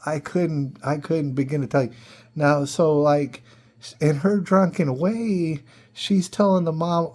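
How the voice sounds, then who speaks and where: Podcast host, male, fairly high but warm and dark-toned; casual storyteller, disbelieving, keeps repeating himself. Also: steady tone, unhurried. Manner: incredulous, full of rhetorical questions and repeats.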